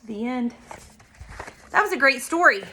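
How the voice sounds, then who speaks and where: Woman, preschool teacher, picture-book read-aloud, slow, slightly high voice, points out pictures. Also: animated, bright, forceful tone. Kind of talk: storybook read-aloud for young children.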